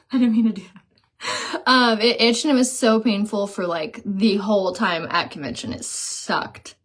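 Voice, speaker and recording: A woman's voice: medium pitch, normal speed. Chatty woman live-streaming her makeup. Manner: chatty, reads viewer comments aloud and tells stories. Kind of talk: casual live chat while doing makeup.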